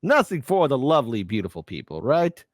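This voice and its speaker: A man's voice: mid-range voice, very animated, brisk, no room sound, studio quality. A man hosting political commentary, ranting in a sarcastic, heated, exclamatory way.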